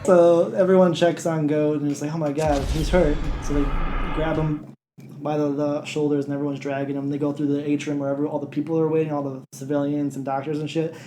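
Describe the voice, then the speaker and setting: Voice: mid-range voice, little pitch movement, a little fast, music in the background. A podcast co-host recapping a bad movie in casual chat, joking and acting out the characters.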